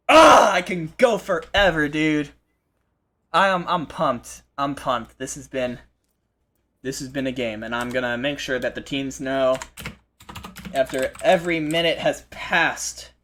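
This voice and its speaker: A man hosting a live esports broadcast, commentating with excitable energy and frequent restarts. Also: mid-range voice. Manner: excitable, fast restarts and repeated phrases. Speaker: esports play-by-play host.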